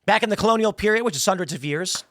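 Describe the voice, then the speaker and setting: Hosting a political commentary podcast, a man talks emphatically and heatedly in a high-pitched, racing, fairly bright voice, switching to mocking voices when quoting people. The recording is dry and studio quality.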